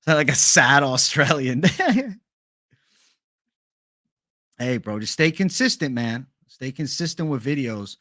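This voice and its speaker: A man's voice: mid-range voice, big pitch swings, takes it slowly, long pauses, sharp tone, no echo, studio quality. A young man hosting a casual livestream, reading viewer questions aloud in a laid-back, profane bro manner. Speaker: livestream host.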